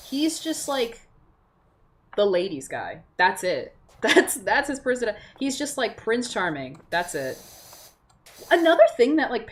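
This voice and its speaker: Animated young woman ranting casually. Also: mid-range voice. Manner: animated, profane, rants with filler "like". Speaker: vlogger. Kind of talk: casual rant.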